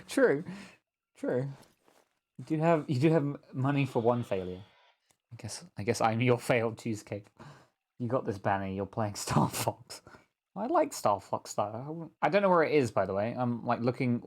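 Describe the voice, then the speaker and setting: A man at an ordinary, middle pitch chatting through a hunting game with a friend. He rambles from joke to joke and laughs often. The talk is loose, casual stream banter. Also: a little mellow. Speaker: co-player on a stream.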